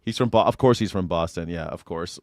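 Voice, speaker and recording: A man's voice: sits low, brisk, no echo, studio quality. A man hosting a casual livestream reaction show, chatting with his viewers and cursing freely. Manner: chatty, cursing, talking to chat. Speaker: livestream host.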